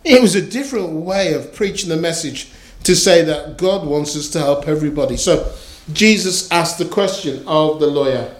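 A man's voice: on the high side, expressive, normal speed, hardly any pauses. A man preaching a sermon in a storytelling manner, repeating key phrases for emphasis. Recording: echoey room.

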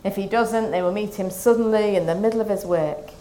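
Woman preaching a calm Lent sermon. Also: medium pitch. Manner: calm, measured scripture reading and reflection.

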